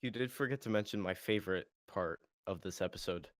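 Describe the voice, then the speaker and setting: A man's voice: low-pitched, a little fast, dry recording, clean studio sound. A man co-hosting a casual anime podcast, laid-back and chuckling between remarks. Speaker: podcast co-host.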